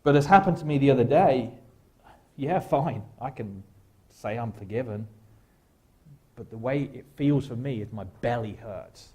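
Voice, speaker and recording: A guest speaker at a church, a man, talks his listeners through a slow reflective exercise. His voice is mellow and dark, with a wry, gentle humor at a middling pitch. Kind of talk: guided reflection talk at church. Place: church sanctuary.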